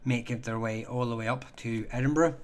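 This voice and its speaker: A man hosts a casual live stream, answering viewer questions haltingly with lots of ums and restarts. He is chatty and self-deprecating, with a steady, mid-range voice.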